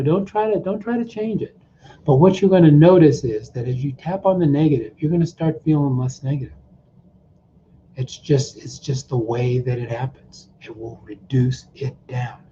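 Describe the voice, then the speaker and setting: A mindset coach with a mellow, slightly high male voice walks viewers through a tapping routine, repeating short phrases as he demonstrates and checking in often with "okay?" The recording is dull and lo-fi, with faint background noise.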